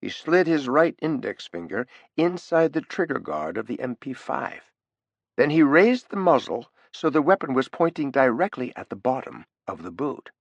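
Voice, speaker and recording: A man narrating an audiobook thriller with an expressive, animated reading, on a close studio mic. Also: mid-range voice, gravelly, no echo, dull audio. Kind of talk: scripted narration.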